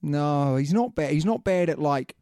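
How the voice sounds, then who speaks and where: A man co-hosting a casual sports podcast, talking fast and laughing often. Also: fairly high pitch, expressive, mellow, dry recording, studio quality. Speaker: podcast co-host.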